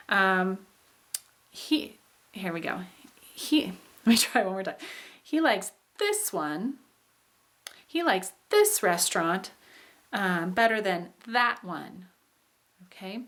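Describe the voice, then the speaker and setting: A woman's voice: mid-range voice, bright, forceful tone. A woman lecturing as a teacher, explaining step by step with fillers and reading out example sentences. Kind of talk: recorded lecture.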